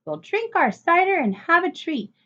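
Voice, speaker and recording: A kindly farmer in a children's storybook, offering treats in a lively, up-and-down voice, as a woman reads him. The recording sounds dull and lo-fi. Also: very high-pitched, normal speed, pitched above the performer's own voice, exaggerated voice. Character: friendly male farmer, older, kindly host.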